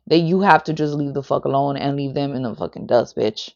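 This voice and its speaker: A woman's voice: a bass voice, fairly quick, darkish tone, lo-fi sound. A woman reading tarot on a livestream, blunt and heavily profane, filling her talk with "like". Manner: profane and blunt, heavy "like" and "bitch" fillers. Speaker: tarot reader.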